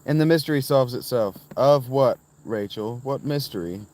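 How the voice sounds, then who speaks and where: Streamer, male, rambly and lively, talks to chat from a tent with crickets behind. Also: mid-range voice, normal speed. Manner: rambling, answers chat viewers by name, sudden sing-song chanting. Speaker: livestream host reading chat. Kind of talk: casual livestream chat. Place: inside a tent outdoors.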